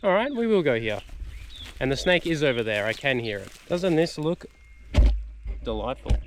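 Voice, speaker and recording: There's a sing-song lilt to this young man's medium-pitched voice, and he talks at a moderate pace. A PhD student out in a swamp for fieldwork, he jokes at his own expense and stays enthusiastic throughout his casual vlog, heard through a distant mic with faint outdoor noise.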